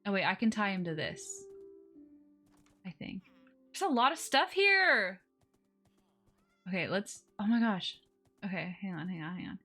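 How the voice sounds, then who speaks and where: A woman's voice: mid-range voice, very animated, unhurried, long pauses, bright, forceful tone, soft background music. A woman live streaming a game, chatting casually with her viewers and coaxing her in-game animals along with little exclamations.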